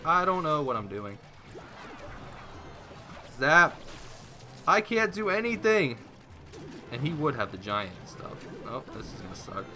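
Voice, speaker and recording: A young man giving rambling, self-mocking live commentary while playing a mobile game. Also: medium pitch. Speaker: gaming YouTuber.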